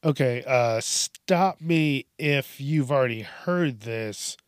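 A man's voice: mid-range voice, takes it slowly, no room sound, studio quality. A man hosting a podcast alone, rambling through a casual, profane, self-mocking monologue. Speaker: podcast host.

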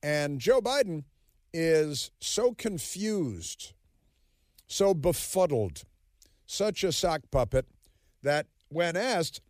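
A man's voice: a little high, big pitch swings, extremely slow, pauses often, a little mellow, no room sound, studio quality. A man hosting a political talk radio show, talking in a sarcastic, mocking, rambling way full of fillers. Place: radio studio. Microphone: studio microphone.

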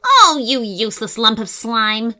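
A woman's voice: on the high side, very animated, unhurried, pushed and bright, full character voice. A woman voicing a grumpy old grandmother who growls and hurls insults, for a children's storybook. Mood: scolding.

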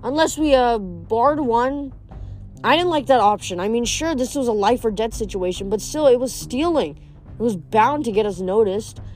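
A woman reading a novel aloud, steady and expressive. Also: a little high, fairly quick, soft background music. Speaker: reader. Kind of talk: audiobook narration.

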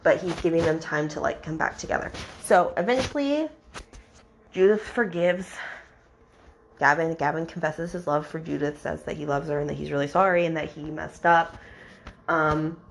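Young woman, podcast book host, slightly low voice, casual and exasperated, mock-quotes characters. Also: moderate pace, creaky, a little hiss or hum.

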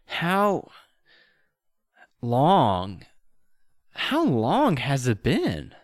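Dazed noble elf, voiced by a man; halting, bewildered, stumbling repeats. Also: medium pitch, wildly swooping pitch, no echo, studio quality, full character voice. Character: dazed, confused elvish man in fine clothes.

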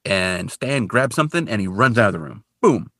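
A man co-hosting a podcast, recapping an episode in casual, animated storytelling full of "like". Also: lowish voice, moderate pace, no room sound, studio quality. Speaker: podcast co-host.

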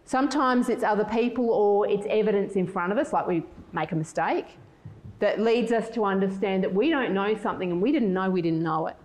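A middle-aged woman speaking to a conference audience at a middle pitch. She talks in a loose, chatty way and drops into personal stories, restarting sentences and using filler words as she goes. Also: a little fast. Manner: lively storytelling, acts out quoted voices. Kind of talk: conference talk with personal anecdotes.

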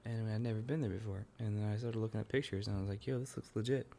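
Male co-host, low-pitched, relaxed and slangy with dry humor. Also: racing, creaky, a little hiss or hum. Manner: laid-back, slangy, dry asides. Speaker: podcast co-host. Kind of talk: casual chat.

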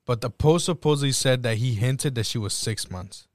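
A man's voice: mid-range voice, moderate pace, no echo, clean studio sound. A man co-hosting a casual music chat, blunt and cursing freely. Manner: blunt, swears a lot. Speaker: podcast co-host.

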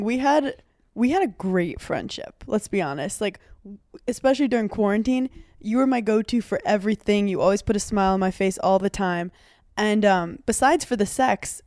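A woman's voice: medium pitch, darkish tone, no room sound, clean studio sound. A young woman chatting as a podcast guest, telling stories animatedly and laughing often. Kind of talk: casual chat.

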